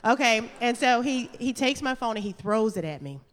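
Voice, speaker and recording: A woman telling a funny true story on stage, chatty and animated, laughing through her lines. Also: on the high side, normal speed. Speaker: storyteller and stand-up comedian. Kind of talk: live comedic storytelling. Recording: reverberant hall.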